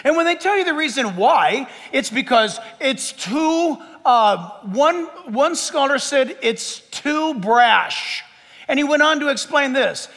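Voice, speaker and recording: A man preaching a sermon as pastor, emphatic and swinging between loud and hushed. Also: very high voice, animated, slow. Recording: long hall reverb.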